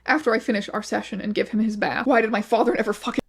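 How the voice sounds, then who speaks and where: A woman narrates a video essay, reading out online posts one after another. Her delivery is flat and measured, and her voice sits slightly higher than usual. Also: husky.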